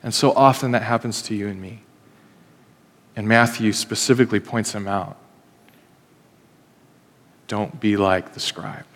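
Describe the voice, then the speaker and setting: Animated preacher in an echoing church hall. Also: male voice, on the low side, a little slow, long pauses. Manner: conversational storytelling, acts out quoted voices. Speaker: pastor. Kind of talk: sermon. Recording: long reverb in a hall.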